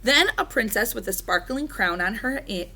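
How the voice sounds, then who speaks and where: A woman reading a children's storybook aloud, animated and expressive. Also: fairly high pitch, moderate pace. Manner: animated, doing character voices. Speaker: reader.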